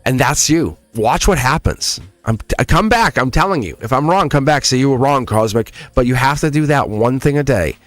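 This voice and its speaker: A man giving a casual, animated live tarot reading to a viewer, chatty and encouraging, with the odd swear word. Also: mid-range voice, no echo. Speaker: tarot reader.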